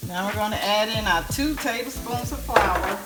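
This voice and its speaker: A woman's voice: medium pitch, normal speed. Chatty woman cooking at home. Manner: chatty and animated, addressing viewers as y'all, playful exclamations. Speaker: home cooking channel host. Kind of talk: casual cooking demonstration. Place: home kitchen, stove sizzling. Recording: roomy kitchen sound with loud background music.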